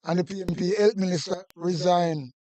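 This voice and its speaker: A man's voice: high-pitched, fairly even intonation, moderate pace, dark tone, no room sound. A man with a Jamaican accent giving heated, repetitive political commentary in casual patois-laced talk.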